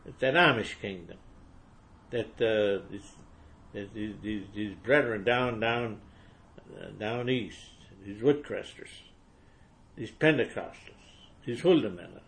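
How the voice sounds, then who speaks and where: A man reading scripture aloud and breaking off into fervent preaching commentary. He repeats words as he goes and builds to forceful emphasis. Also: on the low side, takes it slowly, long pauses.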